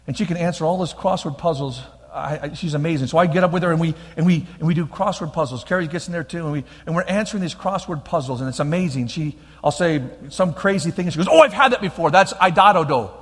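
A man's voice: on the high side, fast talker, few pauses, slightly rough. A middle-aged man preaching a sermon, emphatic and repeating his key lines, with frequent restarts as he tells a personal story. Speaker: pastor. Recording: long reverb of a large hall.

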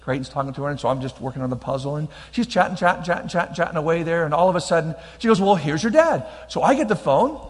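A middle-aged pastor preaches in a high-leaning, lively voice, talking rapid-fire with few pauses. He repeats key lines emphatically and restarts often while telling a personal story, all under the long reverb of a large hall.

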